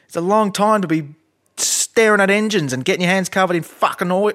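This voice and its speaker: A man's voice: sits high, brisk, a bit bright. A man with an Australian accent rambling through a comedic podcast monologue, blunt and profane with lots of fillers.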